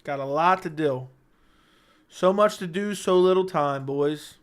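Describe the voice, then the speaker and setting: A young man with a slightly high-pitched voice hosts a late-night livestream. He talks in loose, brash banter, swearing freely and joking with his chat. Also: a little slow, clear, resonant tone. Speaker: livestream host.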